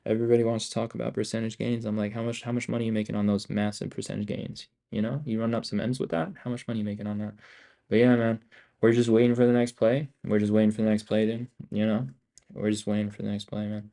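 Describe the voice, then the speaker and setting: A young man streaming his day trading live, talking in a profane, excitable, rambling way and repeating himself. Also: lowish voice, fast talker, gravelly.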